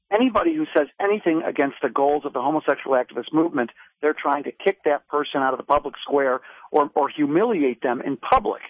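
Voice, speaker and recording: A man calls in to a radio talk show and makes his case with indignant emphasis. His voice sits slightly high. The line is tinny and phone-like, and the sound is dry. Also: dry recording. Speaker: radio guest commentator.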